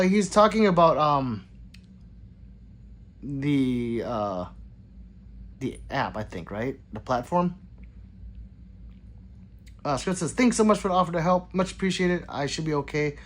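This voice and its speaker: A man's voice: on the high side, a bit bright. A man hosting a casual livestream, reading viewer comments aloud in a rambling, apologetic way and muttering between them. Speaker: gun channel livestream host.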